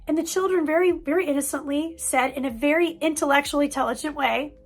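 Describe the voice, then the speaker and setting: A woman's voice: high voice, fast, soft background music. A woman mental health counselor giving an earnest parent-coaching talk, stressing key points by repeating words. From United States.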